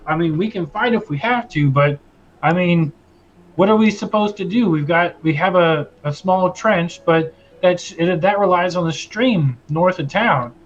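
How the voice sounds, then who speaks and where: A man voicing a gruff male farmer who asks anxious, rambling questions about defending the town. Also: sits high, lo-fi sound, a little hiss or hum.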